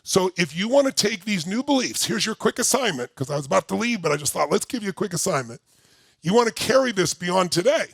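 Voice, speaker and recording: An older man giving a workshop talk to a live audience, telling a personal story with lots of energy and shouting out repeated phrases. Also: sits high, very animated, fast talker, gravelly, hardly any pauses, dry recording. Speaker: motivational speaker.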